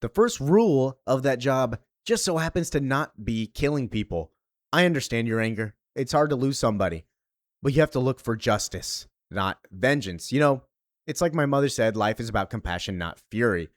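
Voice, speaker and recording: A man's voice: mid-range voice, expressive, moderate pace, dry recording, close to an everyday voice. Male reader doing a young superheroine, earnest and lecturing, dry recording.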